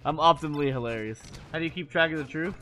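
A man's voice: on the high side, fast talker, pushed and bright, faint music behind. A man streaming live in casual chat, profane and teasing, laughing often between lines.

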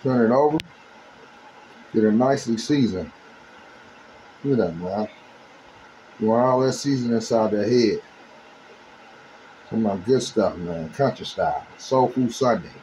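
A man's voice: on the low side, animated, a little slow, pauses often, dark tone, slight background noise, low-quality recording. A man doing a casual cooking demonstration, talking chattily to his viewers as he works. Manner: chatty, addresses viewers as you guys. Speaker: home cook.

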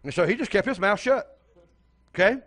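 A man's voice: sits high, expressive, normal speed, a bit bright. An older man preaching a sermon as pastor, telling a story and speaking straight to the congregation.

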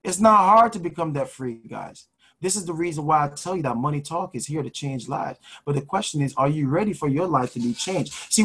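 Male show host, finance coach, husky and fairly high voice, preachy motivational delivery with repeated phrases. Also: poor audio. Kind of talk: motivational talk.

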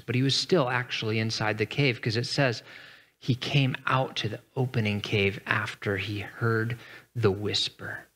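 A man's voice: mid-range voice, a bit bright, slightly rough. Man preaching a conversational sermon. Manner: conversational preaching with dramatic scripture quotes. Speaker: pastor.

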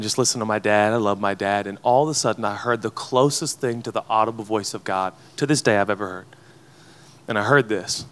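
A man's voice: on the low side, a bit bright. A man in his thirties preaching a sermon to pastors, earnest and emotional as he tells a personal story. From United States. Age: 30s. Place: conference hall before an audience of pastors.

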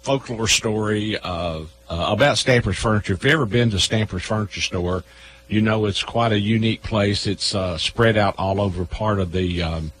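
A man who organizes a local folklore event, telling a ghost tale on radio with many halting pauses. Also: fairly low pitch, fairly bright tone, a little hiss or hum, rough recording. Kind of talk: radio storytelling. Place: radio studio.

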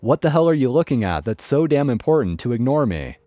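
A man's voice: mid-range voice, sing-song, fairly quick, dark tone, no room sound, studio quality, soft background music, natural voice. A man voicing a rude, entitled woman shopper who snaps orders. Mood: snapping. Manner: snapping, scornful.

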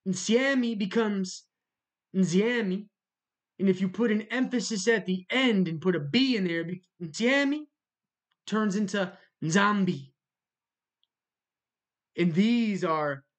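A speaker giving a religious monologue in a measured way, spelling out words letter by letter and repeating them for emphasis. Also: mid-range voice. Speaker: religious video narrator.

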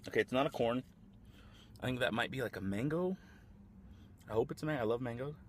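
A mid-pitched man chats his way through a food-tasting vlog, rambling and eating as he talks. His voice sits in the middle of the range, recorded on a camera mic in a fast food restaurant. A faint hum of the place stays behind him. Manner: chatty, rambling, eating while talking. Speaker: vlogger.

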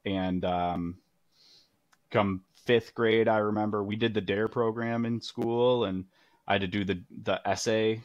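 A man's voice: lowish voice, steady tone, measured pace, no echo, highs cut off. A man, a teacher, speaking as a podcast guest in an easygoing, hesitant way with many fillers. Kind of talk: casual interview chat.

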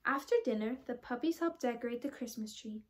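A teenage girl reading a children's storybook aloud, with clear, expressive storytelling. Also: on the high side, fairly quick, a little hiss or hum. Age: teens. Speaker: storybook reader.

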